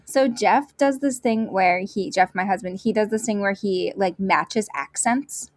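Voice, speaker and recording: A woman from the Philadelphia area co-hosting a podcast, sharing stories in a relaxed, casual way. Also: mid-range voice, measured pace, no room sound, studio quality. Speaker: podcast co-host. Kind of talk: casual chat.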